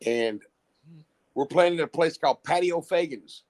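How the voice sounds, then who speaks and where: A man's voice: on the high side, normal speed, darkish tone. A middle-aged man, a musician guest, telling long rambling stories in casual chat, with frequent restarts and swearing. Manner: rambling, profane, many restarts. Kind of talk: casual storytelling.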